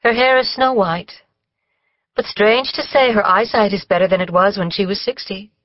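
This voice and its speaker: A woman reading the part of a young mother who speaks in a lively, brisk way. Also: medium pitch, highs cut off, pitched above the performer's own voice, natural voice. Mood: wistful.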